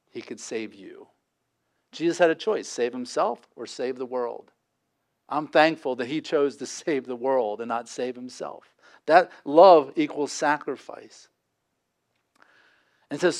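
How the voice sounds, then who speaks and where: A man preaching a sermon, shifting between forceful emphasis and hushed intensity. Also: a little high. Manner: dynamic preaching, dropping to quiet intensity. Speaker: pastor.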